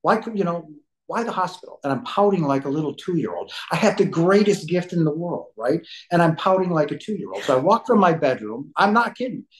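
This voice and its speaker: A man's voice: on the high side, sing-song, a little fast, hardly any pauses, poor audio. A man, a podcast guest, telling his story in an emphatic and blunt conversational way, rambling with frequent restarts. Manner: rambling with many restarts and fillers.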